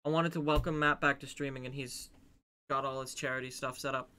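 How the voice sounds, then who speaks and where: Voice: mid-range voice, fairly even intonation, a little fast, bright, forceful tone, clean tone. Laid-back streamer telling rambling stories. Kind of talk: casual group chat while gaming.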